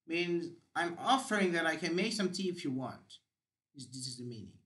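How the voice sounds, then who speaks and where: Bright-voiced male English teacher. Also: on the high side, animated, normal speed. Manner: explains step by step with examples and frequent "uh". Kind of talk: explaining grammar to camera.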